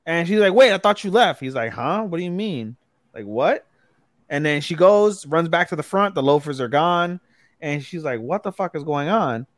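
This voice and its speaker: A man's voice: on the high side, expressive, moderate pace, no echo. A man co-hosting a podcast, retelling an anime episode with loose, profane energy. He drops in the characters' lines as he goes. His voice sits close and dry on the mic. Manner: swears often, recaps plots with quoted lines. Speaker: podcast co-host. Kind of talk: casual podcast chat.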